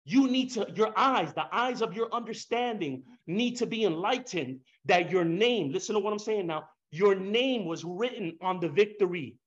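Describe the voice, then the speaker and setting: Male preacher, high-pitched, fervent, casual slang, big swings in loudness; dull lo-fi recording. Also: animated, moderate pace, hardly any pauses. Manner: impassioned, swings between soft and loud, rhetorical questions, casual slang. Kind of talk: sermon.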